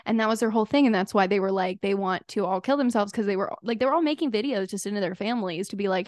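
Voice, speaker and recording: Animated, rambling woman, dry sound. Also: mid-range voice, fast talker, hardly any pauses, dry recording. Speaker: podcast host. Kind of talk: casual podcast conversation.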